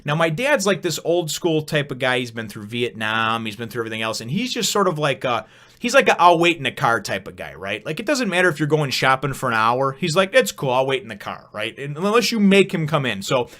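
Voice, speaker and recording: A man's voice: mid-range voice, sing-song, fairly quick, bright, forceful tone. A young man from Chicago telling a long, rambling personal story in a casual vlog, with frequent asides and swearing.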